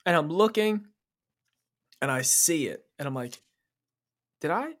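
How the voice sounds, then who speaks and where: A man co-hosting a gaming podcast in casual chat, playful and quick to laugh. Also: a little high, expressive.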